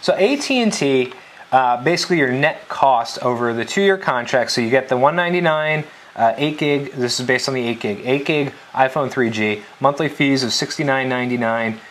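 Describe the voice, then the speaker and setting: A man's voice: medium pitch, normal speed, a bit bright, slight background noise. A man co-hosting a live tech news show in a studio, reading out prices with playful emphasis in casual chat. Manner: reads figures with playful emphasis.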